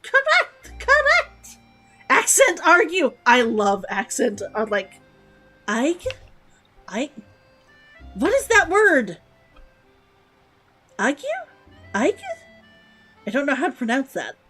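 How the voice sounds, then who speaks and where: A woman's voice: on the high side, sing-song, unhurried, long pauses, a bit bright, husky, faint music behind. A woman streaming a game, chatting casually and giggling as she answers her chat.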